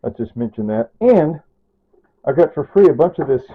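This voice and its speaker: A man's voice: mid-range voice, animated, fast talker, slightly rough. A man chatting casually about his home cooking, rambling, repeating himself and correcting himself as he goes. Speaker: cooking vlogger. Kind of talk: rambling casual kitchen talk. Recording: tinny phone-like audio.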